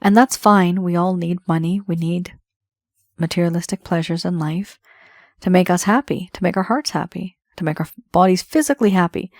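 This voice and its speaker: Woman tarot reader, fairly low voice, dry close recording, chatty and reassuring to camera. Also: moderate pace, no echo. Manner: reassuring, conversational, addresses viewer directly. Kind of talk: tarot reading monologue.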